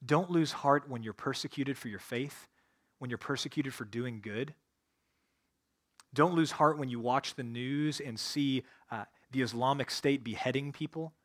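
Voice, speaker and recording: A man as a pastor preaching a sermon, retelling scripture with lively, conversational asides. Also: mid-range voice.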